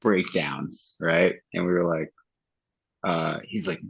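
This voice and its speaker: A metal singer being interviewed on a podcast, talking in a loose, profane way. His voice sits low and a little husky. He acts out what others said to him as he tells his stories. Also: fairly even intonation, slow pace, a bit bright, poor audio. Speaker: guest singer of a metal band. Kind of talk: casual interview chat.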